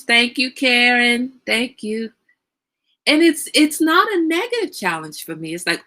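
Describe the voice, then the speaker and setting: A woman's voice: mid-range voice, lively intonation, normal speed, sharp tone. A woman hosting a casual livestream, chatting animatedly, greeting viewers by name and laughing often. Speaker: livestream host.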